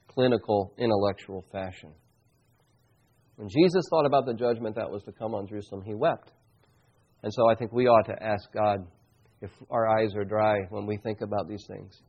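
A pastor preaching a sermon in an earnest, reflective manner, slowing down to stress key phrases. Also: male voice, medium pitch, a little mellow, highs cut off.

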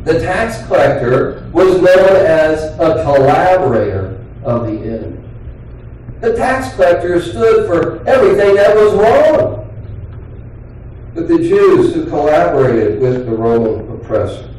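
Male pastor, earnest conversational sermon, mellow tone, booming echoey church, mic at a distance. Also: very animated, slight background noise. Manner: earnest, conversational preaching with pauses and restarts. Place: church sanctuary. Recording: very echoey hall, voice from far off.

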